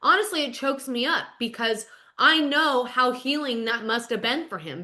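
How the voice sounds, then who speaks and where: A woman's voice: high voice, pushed and bright. A middle-aged woman hosting a podcast, telling a story in a chatty, emphatic way and often calling out to her listeners. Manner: chatty, emphatic, addresses listeners as "you guys". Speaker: podcast host. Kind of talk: casual storytelling commentary.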